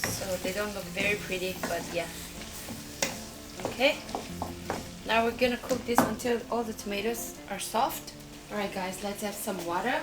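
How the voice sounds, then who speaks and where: A woman from Northeast India, a food vlogger, chats casually while cooking and eating in mukbang style, often closing her lines with "okay?". Her voice is mid-range, at a normal speed, with frequent pauses.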